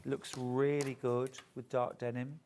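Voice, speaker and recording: A man's voice: mid-range voice, level tone, a little slow, a little mellow, a little hiss or hum. A man presenting a live shopping show, chatting and joking as he gushes over fabrics. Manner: chatty, gushing, jokey. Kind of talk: live sales chat.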